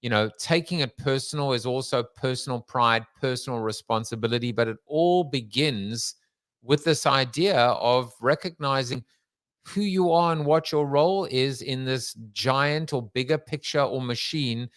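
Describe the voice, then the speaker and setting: A man's voice: medium pitch, normal speed, a bit bright, no room sound. A man hosting a podcast interview, chatty and playful, with frequent ums. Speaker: podcast host.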